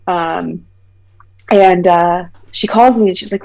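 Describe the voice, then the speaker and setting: A woman in her thirties, a podcast guest, telling a personal story in conversation, animated, acting out the voices of the people she quotes, with many "like" fillers. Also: on the low side, a little slow, low-quality recording. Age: 30s.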